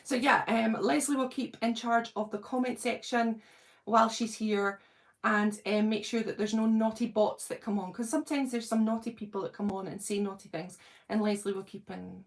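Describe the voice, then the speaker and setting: A middle-aged British woman hosting a casual livestream, nervous and excited, chatting and greeting viewers by name. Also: fairly high pitch, moderate pace, gravelly. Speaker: channel host doing a livestream.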